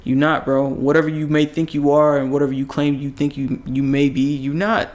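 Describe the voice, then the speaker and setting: A man's voice: a little high, flat delivery, fairly quick, a little mellow. A man co-hosting a casual podcast, giving blunt, rambling opinions with lots of swearing. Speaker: podcast co-host.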